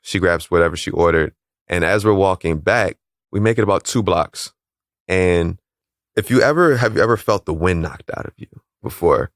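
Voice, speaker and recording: A man, an interview guest, calmly retelling a personal story and acting out what people said to him. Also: deep voice, dry recording, clean studio sound. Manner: calm, measured retelling, acting out quoted voices. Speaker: interview guest, calisthenics league founder.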